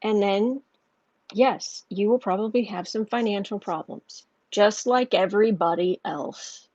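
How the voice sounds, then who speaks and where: An unhurried, mellow, mid-range voice belongs to a tarot reader giving a loose, rambling monologue with lots of restarts. The recording has no echo and a lo-fi quality.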